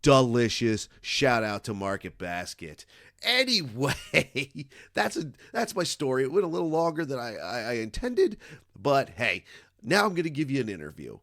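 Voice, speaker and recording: A man's voice: mid-range voice, wildly swooping pitch, normal speed, fairly bright tone, no room sound, studio quality. A man hosting a casual podcast, rambling and joking at his own expense. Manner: jokey, rambling, self-deprecating. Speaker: podcast host.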